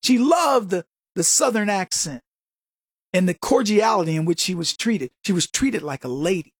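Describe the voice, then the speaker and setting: Male talk radio host, sarcastic and animated, husky voice, dry studio sound. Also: high voice, normal speed, dry recording. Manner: animated, sarcastic rhetorical questions. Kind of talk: opinionated radio monologue.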